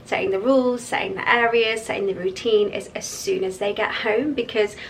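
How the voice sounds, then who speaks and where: Young woman, chatty, relaxed, home vlog, mid-pitched voice, a little background noise. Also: brisk, vocal fry, poor audio. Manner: chatty, relaxed, with many fillers. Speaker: vlogger. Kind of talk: casual chat.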